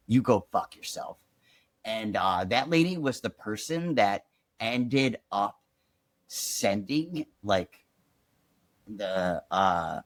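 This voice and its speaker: Low-voiced chatty man telling his story. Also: dry recording. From Chicago, USA. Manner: chatty, peppered with "like", animated retelling. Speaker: podcast guest. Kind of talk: casual conversational storytelling.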